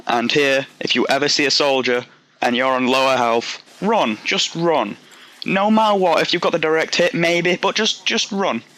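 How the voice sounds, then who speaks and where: A man's voice: fairly high pitch, moderate pace, sharp tone. A young man with a Yorkshire accent giving rambling, self-deprecating commentary over gameplay, drifting off onto tangents. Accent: Yorkshire English. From Yorkshire, England. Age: young adult. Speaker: gaming commentator. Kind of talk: casual game commentary.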